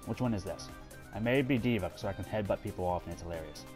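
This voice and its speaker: A man giving excitable, swearing let's play commentary while gaming and talking to his teammates. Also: fairly low pitch, fast. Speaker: gamer. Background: game music and sound effects.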